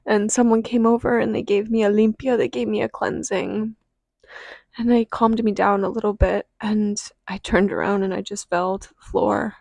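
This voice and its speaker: A woman telling a deeply personal story, halting and earnest, with sighs and restarts between phrases. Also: level tone, vocal fry, darkish tone, no echo. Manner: earnest and confessional. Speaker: podcast host. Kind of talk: personal testimony.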